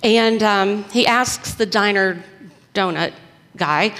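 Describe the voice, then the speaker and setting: A woman preacher telling a story in a conversational, animated sermon. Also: mid-range voice, slow pace. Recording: echoey hall reverb.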